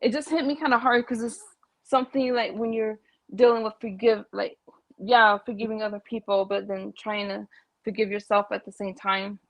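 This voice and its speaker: A woman caller sharing her feelings in a halting way, with many likes and restarts. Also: mid-range voice, fairly even intonation, no echo. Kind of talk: casual, emotional sharing.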